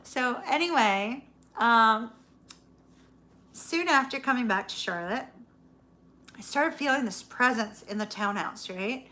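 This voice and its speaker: A woman's voice: fairly high pitch, expressive, slow, pauses often, bright, forceful tone. A woman host telling a personal story in a casual chat with her viewers, laughing often and swearing casually. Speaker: tarot reader, channel host.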